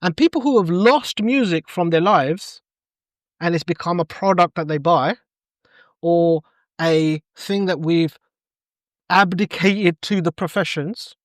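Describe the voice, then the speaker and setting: Animated middle-aged man, high voice. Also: measured pace, no echo, studio quality. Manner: animated storyteller acting out quoted dialogue. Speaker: coach, podcast guest. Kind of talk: conversational interview storytelling.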